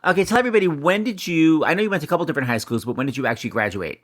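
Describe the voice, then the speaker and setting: A man's voice: on the high side, racing, no echo, clean studio sound. A man hosting a podcast, chatting casually and telling jokey stories. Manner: animated, jokey storytelling. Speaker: podcast host. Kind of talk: casual chat.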